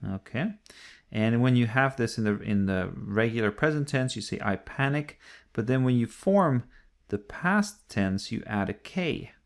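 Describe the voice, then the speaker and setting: A man's voice: mid-range voice, animated, unhurried. A man teaching an English grammar lesson, explaining patiently step by step and repeating key points.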